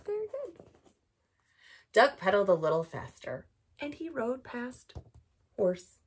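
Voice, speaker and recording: A woman storyteller reading a picture book aloud for a bedtime program, gently asking children questions as she goes. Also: a little high, wildly swooping pitch, a little slow, slightly rough.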